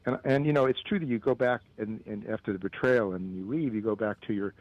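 A man's voice: fairly low pitch, fast talker, dry recording, muffled recording. A male guest in a casual conversation, speaking thoughtfully and searching for his words with frequent restarts.

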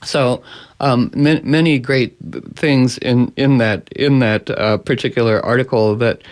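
A man's voice: mid-range voice, steady tone, unhurried. A man hosting a radio show, telling rambling anecdotes in casual chat and playfully putting on voices for his animals.

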